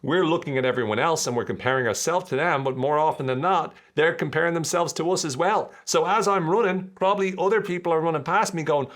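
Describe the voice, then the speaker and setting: A man hosts a podcast in a relaxed, conversational way. He is chatty and jokey as he explains his points. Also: fairly high pitch, fast, few pauses. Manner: chatty, jokey, acts out quoted voices. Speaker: podcast host. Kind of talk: casual explanatory monologue.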